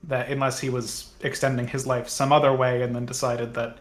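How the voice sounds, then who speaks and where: A man's voice: medium pitch, little pitch movement, a little fast. Man reasoning aloud in a tabletop game. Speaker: player. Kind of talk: casual tabletop discussion.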